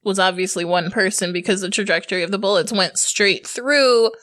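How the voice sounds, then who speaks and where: A woman's voice: medium pitch, a little fast, a bit bright. Woman on a movie podcast, playful, keeps jumping in with her own takes. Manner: playful, chiming in, laughs often. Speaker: podcast co-host. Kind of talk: casual movie review chat.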